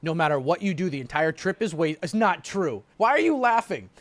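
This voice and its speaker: A man's voice: on the high side, fairly quick, no room sound. A man hosting a stream, telling a story casually and animatedly, often restarting his sentences. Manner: animated, frequent restarts and repeated words. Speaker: stream host.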